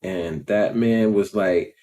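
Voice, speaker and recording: A man's voice: on the low side, steady tone, takes it slowly, dark tone. A man, telling slangy stories in a casual vlog and laughing often. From Long Island, New York. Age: 40s. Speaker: vlogger and rapper.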